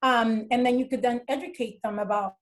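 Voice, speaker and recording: Brief: higher-pitched woman, podcast guest, animated storyteller. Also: brisk. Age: adult with children. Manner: animated, acts out dialogue from her stories. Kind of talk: casual interview talk.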